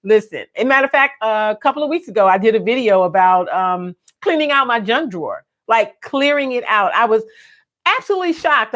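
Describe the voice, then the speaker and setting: A woman's voice: on the high side, fairly bright tone. A woman hosting a home decor video, chatting playfully and expressively as she demonstrates. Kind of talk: casual live demo.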